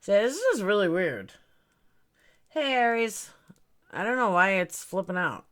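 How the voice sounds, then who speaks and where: A woman's voice: medium pitch, expressive, measured pace, a bit bright. Woman streamer chatting away, greeting her chat one by one, kinda rambly. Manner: puzzled, fiddling with stream settings. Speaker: livestream host. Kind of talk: casual livestream chat.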